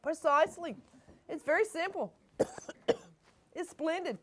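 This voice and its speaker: A woman reads a picture book to young children. Her voice sits high and swings widely, and she takes her time. She keeps coaxing the kids to act along. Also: expressive, unhurried, fairly bright tone. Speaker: children's librarian.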